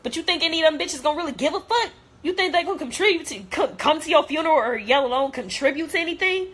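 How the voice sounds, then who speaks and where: A woman's voice: high voice, lively intonation, fast, a bit bright. A young adult woman vlogger in a blunt, profane, hurt and heartfelt rant to camera.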